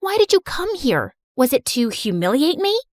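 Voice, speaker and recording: An exasperated, embarrassed teenage girl in an animated story, voiced by a woman, pitched high and bouncing with lively swings. The delivery is dry and close to the mic. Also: normal speed, no room sound. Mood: angry. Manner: exasperated, pleading. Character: embarrassed teenage girl, upset with her mother.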